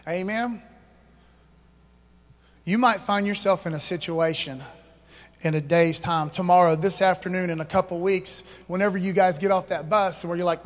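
A man's voice: high-pitched, normal speed, in a large hall. A man pastor preaching a sermon, emphatic, calling out to the congregation for responses.

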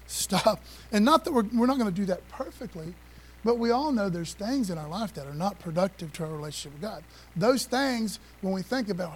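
A man with a fairly high voice preaches to his congregation in a loose, conversational way. He leans hard on key phrases and keeps throwing rhetorical questions at the listeners. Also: expressive, a little fast. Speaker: pastor. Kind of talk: sermon.

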